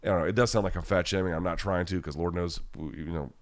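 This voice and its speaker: A man's voice: low-pitched, steady tone, fast talker. A man hosting a podcast live chat, answering viewers in a blunt, rambling, casual way with many restarts.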